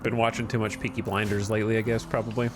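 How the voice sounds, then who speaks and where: A man's voice: fairly low pitch, little pitch movement, quick pace, over music. A man giving casual, wry, self-deprecating commentary while streaming a game.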